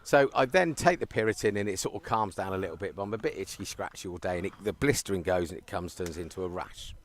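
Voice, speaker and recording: A man's voice: deep voice, fast. A man commentating on a live cricket stream, chatting casually and telling a story with frequent laughter. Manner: animated storyteller, laughs often.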